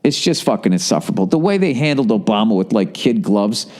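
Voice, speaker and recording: A man's voice: lowish voice, big pitch swings, brisk, a little mellow. A middle-aged man with a Boston accent, hosting a podcast and ranting profanely while mocking others in silly voices. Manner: swears constantly, mocking put-on voices. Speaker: podcast host. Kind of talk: profane comedic rant.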